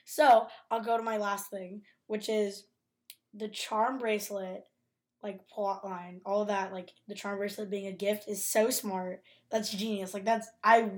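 A woman co-hosting a podcast, chatting casually and often trailing off mid-thought. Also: mid-range voice. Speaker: podcast co-host. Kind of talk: casual chat about a TV show.

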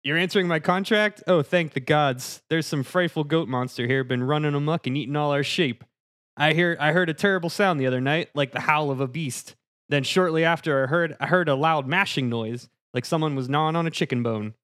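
Guy doing a cowardly greasy village peasant, fake folksy accent, pitched up, kinda rambly and dramatic. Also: a little fast, a bit bright, close to an everyday voice. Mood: fearful. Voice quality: put-on rustic accent, mock-folksy.

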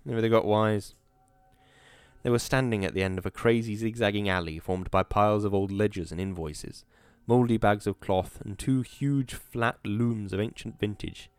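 A man reading a story aloud in steady, measured audiobook narration. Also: lowish voice, clean tone, dry recording.

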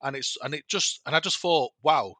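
A man tells a personal story in a loose, rambling way, stopping and restarting often. He acts out the dialogue as he goes. His voice is very bright and sharp, recorded dry and close to the mic. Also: on the high side, brisk, no room sound. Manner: rambling, many restarts and self-corrections; animated retelling with quoted dialogue. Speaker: guest. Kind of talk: casual storytelling.

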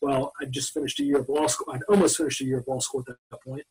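A former Marine in his forties from Mobile, Alabama, US, tells long, rambling anecdotes as a guest in a casual storytelling interview. He speaks fast in a medium-pitched, slightly rough voice, animated and full of restarts. The recording is rough.

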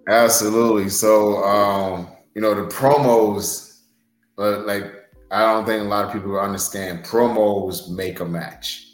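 A man's voice: fairly low pitch, steady tone, measured pace, reverberant, soft background music, rough recording. A man, a pro wrestler, telling stories about a match in an earnest, rambling way full of fillers on a podcast. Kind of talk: podcast interview storytelling.

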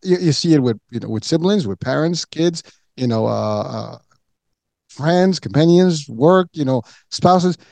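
A man's voice: fairly high pitch, expressive, a little slow, vocal fry, mellow, dry recording. A man hosting an interview, asking long questions full of restarts and fillers. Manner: rambling, many restarts and fillers. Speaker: interview host.

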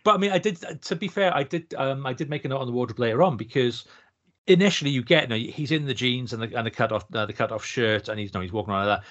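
Fast-talking man ranting about a film. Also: mid-range voice, fairly bright tone. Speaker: podcast co-host. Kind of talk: casual film review chat. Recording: dull lo-fi audio.

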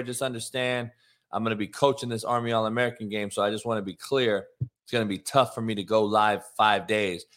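A man with a medium-pitched, fairly bright voice hosts his own live stream. He talks loosely and rambles in casual live-stream fashion, then launches into a profane rant at people in his chat.

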